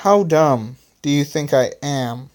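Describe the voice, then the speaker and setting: Electronic is a wisecracking team leader in a homemade story reading, as the reader puts him on, sounding smooth and clear. He talks fast and trips over his words before setting them right. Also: mid-range voice, lively intonation, a little mellow.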